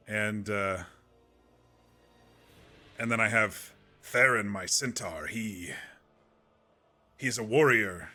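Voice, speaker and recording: A man's voice: medium pitch, takes it slowly, pauses often, pushed and bright, faint music behind. A man streaming a game, chatting casually to viewers in a soothing, rambling way with many restarts.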